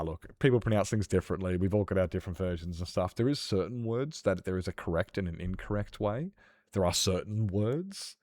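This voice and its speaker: A man's voice: low-pitched, darkish tone, no echo, studio quality. An Australian man streaming a game, chatting casually and rambling with lots of fillers while he responds to chat.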